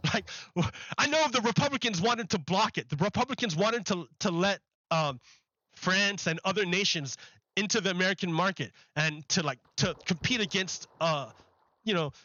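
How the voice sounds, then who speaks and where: Man, high bright voice, rambling political streamer, dry and slightly dull mic. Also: no echo. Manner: rambling, repeats words, mocking put-on quotes. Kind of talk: live-streamed political commentary.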